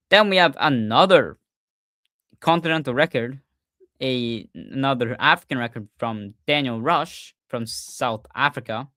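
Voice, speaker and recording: A young man hosting a casual livestream recap, talking excitedly, often stumbling and repeating himself. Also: mid-range voice, dry recording, clean studio sound. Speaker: podcast host.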